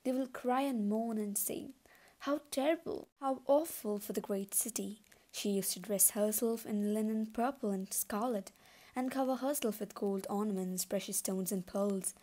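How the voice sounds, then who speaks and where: A woman reading scripture aloud at a middle pitch. Her tone is soft and mellow, and she takes each verse in a steady, deliberate way. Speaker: Bible reader.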